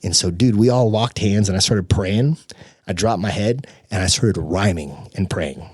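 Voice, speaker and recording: Husky-voiced man telling a story. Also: sits low, normal speed, no echo, clean studio sound. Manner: earnest, animated storyteller who says "dude". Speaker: podcast guest. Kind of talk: casual storytelling.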